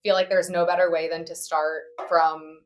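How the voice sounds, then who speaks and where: A woman's voice: fairly low pitch, little pitch movement, normal speed. A young woman co-hosting a podcast, telling a story in a chatty way, saying "like" a lot and swearing bluntly. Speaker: podcast co-host. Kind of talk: casual storytelling chat.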